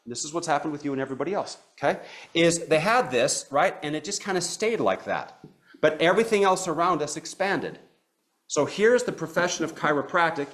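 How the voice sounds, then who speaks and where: A middle-aged man coaching a live training seminar. He talks in an animated way, keeps checking in with "okay?", and fires questions at the room. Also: fairly high pitch. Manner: asks the room questions and calls on listeners. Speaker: practice coach.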